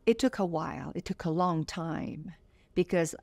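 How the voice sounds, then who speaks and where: A woman's voice: deep voice, normal speed, creaky, darkish tone. Earnest, reflective woman in her fifties. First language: French. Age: 50s. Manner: earnest and reflective, repeats phrases for emphasis. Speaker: singer, interview guest. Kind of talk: emotional sit-down interview.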